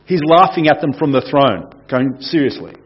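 A man's voice: a little high, normal speed, breathy edge, lo-fi sound. A man preaching a casual sermon in church, explaining a passage, reading it aloud and putting questions to the congregation.

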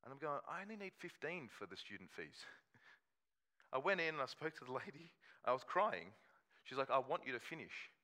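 A man's voice: on the high side, sing-song, normal speed, sharp tone. A man, preaching a sermon in a conversational storytelling way and acting out quoted voices. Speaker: pastor.

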